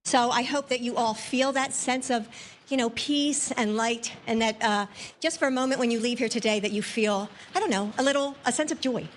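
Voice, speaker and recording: A woman's voice: a little high, normal speed, slight background noise. A woman giving hesitant, meandering remarks to an audience at an event.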